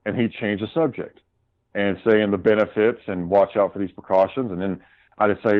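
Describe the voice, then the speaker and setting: A man with a fairly low voice talks as a guest, retelling his arguments with heat and plenty of swearing. The sound is a little dull and lo-fi, and his talk stays casual and conversational. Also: fairly even intonation, normal speed. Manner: heated, profane retelling of arguments. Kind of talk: casual storytelling.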